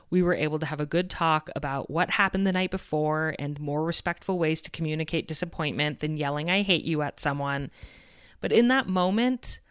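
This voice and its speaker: A woman's voice: low voice, fairly bright tone, smooth, no echo, clean studio sound. A woman in her thirties hosting a podcast, telling a personal story in a candid, earnest and openly reflective way. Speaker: podcast host.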